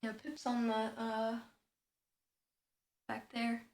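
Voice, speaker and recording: Chatty young woman streamer, a bit high. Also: monotone, slow pace, a little mellow. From United States. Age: 20s. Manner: chatty, thinking aloud with many fillers. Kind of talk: casual explaining while working.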